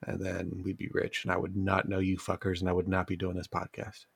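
A man's voice: sits low, fairly quick, vocal fry, breathy edge, no echo. A man casually bantering on a podcast with friends, joking and swearing as he tells a story. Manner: joking, profane, animated storytelling. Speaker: podcast co-host.

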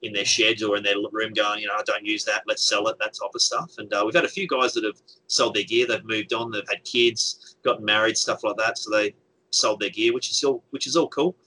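A man's voice: fairly low pitch, fairly even intonation, fairly quick, bright, forceful tone, husky, poor audio. A man chatting casually as a guest game organizer, rambling with many fillers and restarts. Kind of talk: casual chat.

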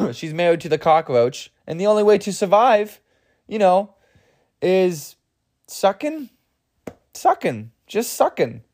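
A man's voice: high-pitched, sing-song, slow pace, long pauses, a little mellow. A young man hosting a comedy podcast, rambling through a bit with lots of fillers while overtired. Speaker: podcast host.

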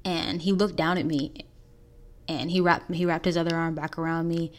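Young female podcast host, low voice, earnest halting personal storytelling. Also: level tone. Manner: earnest, halting, pauses and restarts.

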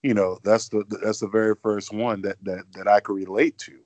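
A man's voice: on the low side, little pitch movement, brisk, darkish tone, no room sound. A man hosting a wrestling podcast, talking casually with many fillers and restarts. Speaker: podcast host.

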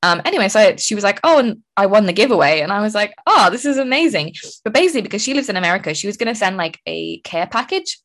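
A young woman from Ireland hosting a casual solo podcast, telling stories in a chatty, animated way with frequent laughs. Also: medium pitch, quick pace. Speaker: podcast host.

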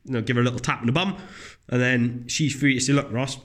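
In a relaxed, comedic conversation, a man rants quickly, his manner blunt, animated and full of profanity. He mocks others by jumping his voice up high.

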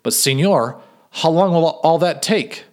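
A man's voice: a little high, lively intonation, unhurried, voice pushed up. A man reading as an easygoing village fisherman. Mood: content, puzzled. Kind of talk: read-aloud story.

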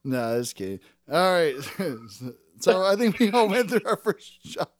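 A man's voice: high-pitched, sing-song, unhurried, no room sound, studio quality. A man hosting a casual podcast, swearing freely and joking with friends, laughing often. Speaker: podcast host.

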